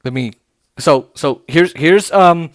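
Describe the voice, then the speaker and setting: Speaking slowly at a fairly high pitch, this home-based political podcast host reads posts aloud with indignant sarcasm, stumbling through fillers and restarts. The sound is dry and studio-grade.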